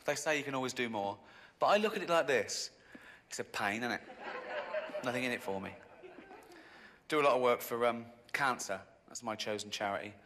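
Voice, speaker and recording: Sardonic English stand-up man. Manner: sardonic, mocking, jumps into high squeaky voices for quoted people. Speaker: stand-up comedian. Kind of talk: stand-up comedy set. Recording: video game audio capture with background noise.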